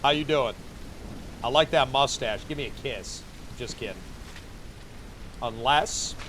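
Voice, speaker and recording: Streaming a game as a VTuber, a man keeps up casual, joking chatter with his audience and talks to himself while playing. His mid-range, fairly bright voice is a little slow, with slight background noise.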